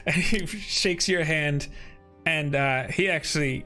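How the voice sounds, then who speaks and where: A man's voice: on the high side, slow, sharp tone, faint music behind. A man narrating as game master in a casual, rambling way, often laughing.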